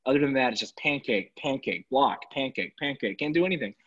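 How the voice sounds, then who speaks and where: A man ranting casually and sarcastically about his football team, exasperated and animated. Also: mid-range voice, fairly quick, breathy edge. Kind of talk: casual sports rant. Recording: dull lo-fi recording.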